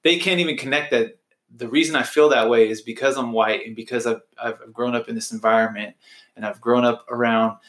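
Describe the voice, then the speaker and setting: A man talking as a podcast guest, reflective and halting, with many restarts. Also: mid-range voice, fairly even intonation, fairly bright tone, roomy sound. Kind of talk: casual conversation.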